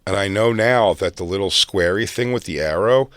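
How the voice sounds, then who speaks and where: A low-voiced man hosting a podcast, rambling through self-mocking stories in loose comedic chat. His sound is dry and close to the mic. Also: moderate pace, a bit bright, clean tone, no room sound.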